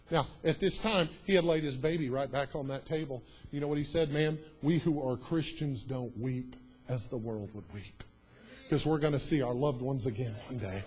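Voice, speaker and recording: A man preaching a sermon in a church, telling a story that swings from hushed, quiet lines to loud, emphatic preaching. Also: mid-range voice, moderate pace, a little hiss or hum, rough recording.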